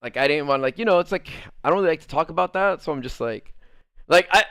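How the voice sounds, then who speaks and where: A man's voice: on the high side, fast talker, clear, resonant tone, no room sound, clean studio sound. A man telling a story in a casual, profane way, acting out his own lines and the other person's lines as he goes and laughing easily. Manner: swears a lot, tells the story with lively re-enacted quotes. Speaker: streamer.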